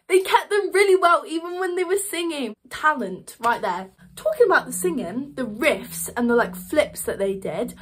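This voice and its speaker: A young woman talks straight to camera, reviewing a show she loved. Her voice sits a little on the high side, and she gushes in a chatty rush, dropping fillers between every thought. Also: big pitch swings, moderate pace, hardly any pauses. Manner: gushing, chatty, lots of "like" fillers. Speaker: vlogger reviewing a musical. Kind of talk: excited casual review.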